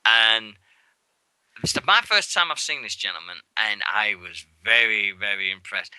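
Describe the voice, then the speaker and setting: Man, co-host on radio, rambling recap, low-pitched, very bright tone, dry close sound. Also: unhurried, smooth, no room sound, rough recording. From England. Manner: rambling and excitable, swears freely, acts out moments. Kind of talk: casual show recap chat. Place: radio studio.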